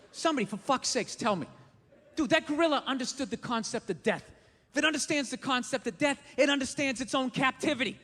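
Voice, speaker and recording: A man from the USA does an exasperated, profane stand-up rant in a very high, forceful voice. His voice rings with a long hall reverb and faint room noise. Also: fast. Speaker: stand-up comedian. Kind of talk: stand-up comedy.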